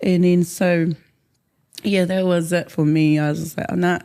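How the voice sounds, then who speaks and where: Interview guest: woman, soft dark timbre, loose and rambling, drops in Māori words. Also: fairly low pitch, flat delivery, moderate pace, clear, resonant tone. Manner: rambling, many fillers, mixes in Māori words. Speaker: interview guest, haka performer. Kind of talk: casual interview chat.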